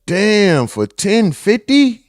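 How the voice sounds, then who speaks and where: A man's voice: high-pitched, big pitch swings, extremely slow, no room sound, studio quality. A man hosting a casual livestream, reading chat messages aloud and bantering in loose, profane talk.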